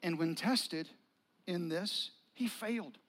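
A male pastor preaches by retelling a story in a casual, vivid way. His voice sits high for a man. He keeps it conversational rather than formal. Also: slow, a bit bright, poor audio. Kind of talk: sermon.

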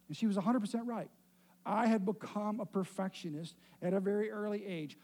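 Brief: middle-aged male pastor, high pitch, mellow tone, storytelling sermon with light humor. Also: steady tone, a little fast. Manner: storytelling, self-deprecating humor.

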